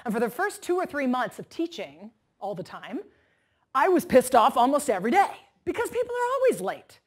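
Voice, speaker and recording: A woman with a high voice speaks a little fast while giving a keynote talk as a motivational speaker. She tells animated stories to the audience and acts out the voices of the people in them.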